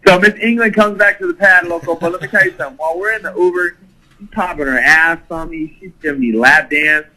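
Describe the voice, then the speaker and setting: Bright, animated man telling a crude story. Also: fairly high pitch, fast talker, poor audio. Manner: animated, profane, laughing storyteller. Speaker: guest storyteller.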